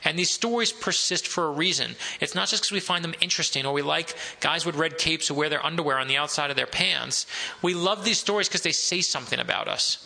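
A man's voice: a little high, brisk, creaky, pushed and bright, rough recording. A man giving a talk and reading from his own novel, wry and self-deprecating. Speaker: author.

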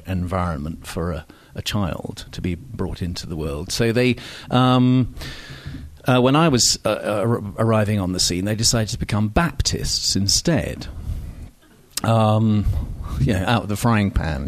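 A man's voice: lowish voice, no room sound. An older man from Scotland with a received pronunciation accent, telling a personal story at a microphone in a wry, digressive, self-mocking way with many fillers. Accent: received pronunciation English. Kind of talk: storytelling talk. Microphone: microphone on stage.

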